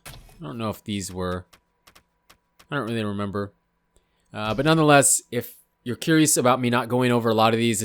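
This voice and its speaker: A young man, slightly hoarse, casually talking through a video game's menus, rambling and often unsure of himself. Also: fairly low pitch. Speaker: gaming YouTuber. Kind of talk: casual gameplay commentary.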